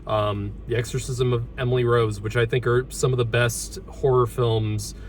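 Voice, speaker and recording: A man hosting a casual movie review, halting often with ums and restarts as he talks through a horror mask. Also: medium pitch, flat delivery, slight background noise.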